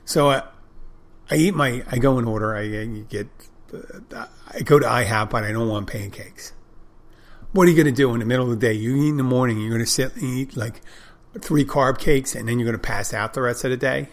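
A man's voice: medium pitch, fairly quick. A man hosting a podcast, talking in a casual, rambling monologue, blunt and swearing freely, often restarting and repeating himself. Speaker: podcast host.

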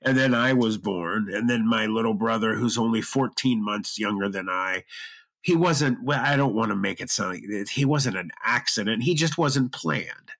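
A man's voice: lowish voice, moderate pace, gravelly, fairly bright tone. A man telling his personal story in an interview, earnest and emotional, choked up at times, often restarting his sentences. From half Lebanese, half German Irish heritage.

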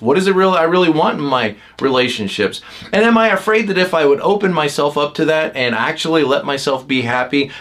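A man hosting a podcast, talking casually about personality types, with many fillers and quick acted-out lines from other people. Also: fairly high pitch, a bit bright. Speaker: podcast host. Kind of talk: casual teaching talk.

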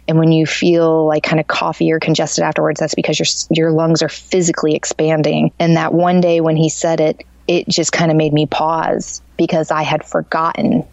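A woman with a lowish voice talks as an interview guest, rambling earnestly and filling her sentences with "like". The sound is dry and dull, as if from a lo-fi recording. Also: completely flat delivery, normal speed, vocal fry, few pauses, darkish tone, dry recording. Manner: rambling and earnest, heavy use of "like". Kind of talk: casual interview chat.

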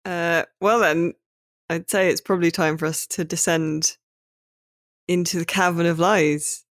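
A man's voice: on the high side, fairly even intonation, unhurried, a bit bright, no room sound, studio quality. A man hosting a podcast in casual chat, rambling and hesitant with many fillers. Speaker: podcast host.

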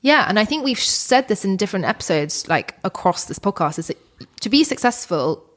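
A woman co-hosting a podcast in casual chat, chatty and animated. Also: mid-range voice, fairly quick. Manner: chatty, animated when quoting others. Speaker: podcast co-host.

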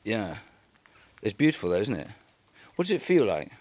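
A man's voice: lowish voice, very animated, normal speed, darkish tone. A man co-hosting a podcast, chatting playfully and theatrically in a garden. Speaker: podcast co-host. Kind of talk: casual chat. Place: outdoors in a garden. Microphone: handheld mic.

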